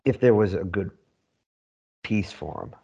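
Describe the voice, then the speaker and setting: A man co-hosting a casual chat, unhurried and informative. His voice sits a little low, and the recording sounds dull and lo-fi. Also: expressive, gravelly, mellow, husky. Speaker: podcast co-host. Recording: dull lo-fi audio.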